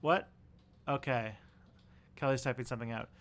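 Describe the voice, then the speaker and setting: A man's voice: medium pitch, fairly even intonation, moderate pace, a bit bright. Chatty man hosting a live stream. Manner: chatty and rambling, easygoing. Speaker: livestream host. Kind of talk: casual live-stream chat.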